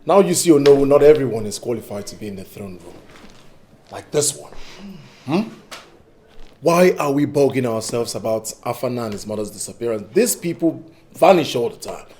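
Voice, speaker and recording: A man's voice: mid-range voice, lively intonation, moderate pace, a little hiss or hum, lightly acted. A man playing an arrogant young prince who wants the throne, mocking and boastful, with a Nigerian accent. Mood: scornful. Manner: boastful, mocking, shouting out bursts.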